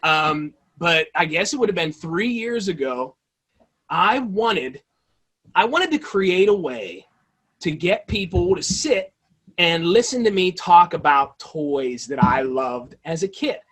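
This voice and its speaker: Enthusiastic man telling stories, higher voice. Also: slow pace. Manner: animated, enthusiastic storyteller. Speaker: guest, toy-hunting video creator. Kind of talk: casual interview storytelling.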